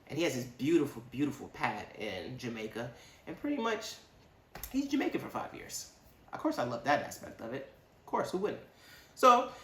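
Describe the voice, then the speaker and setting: A man giving a casual, rambling movie review with animated, slangy asides. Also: mid-range voice, roomy sound.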